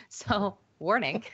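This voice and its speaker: A woman's voice: medium pitch, a bit bright, husky. A woman co-hosting a live fantasy football stream, chatting casually, laughing easily and rattling through player picks. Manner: chatty, laughs easily, reads ad copy quickly. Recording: slightly dull lo-fi live-stream audio.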